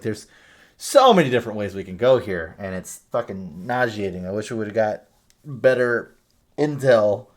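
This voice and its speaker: A man giving a casual, rambling film review, swearing freely and trailing off with fillers. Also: on the low side. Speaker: movie reviewer.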